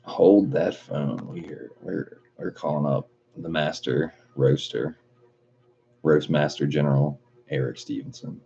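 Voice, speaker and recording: Very deep husky man on a stream. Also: fairly even intonation, unhurried, a little mellow. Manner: reads viewer comments aloud, laughing and cursing. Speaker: livestream host. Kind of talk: casual livestream chat. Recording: dull lo-fi stream audio.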